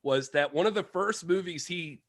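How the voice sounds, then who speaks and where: A man's voice: on the high side, normal speed, dry recording, clean studio sound. Chatty, joking podcast co-host man. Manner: joking, digressive, laughs often. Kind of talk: casual chat.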